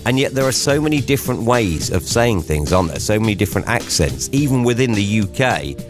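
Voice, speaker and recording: Deep-voiced radio host, rambling. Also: male voice, very animated, a little fast. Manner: rambling, musing, conversational asides. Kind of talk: casual radio chat. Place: radio studio. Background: music playing.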